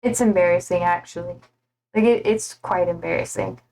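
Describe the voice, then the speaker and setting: A woman's voice: on the low side, normal speed, darkish tone. A woman streamer chatting casually and reading chat, rambling and laughing at herself. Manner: rambling, laughing, self-deprecating.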